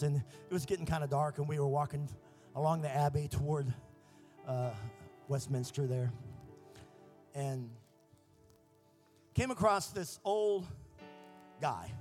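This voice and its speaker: High-voiced American preacher, soft music. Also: male voice. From United States. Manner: builds to shouted fervor. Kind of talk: prophetic sermon with storytelling.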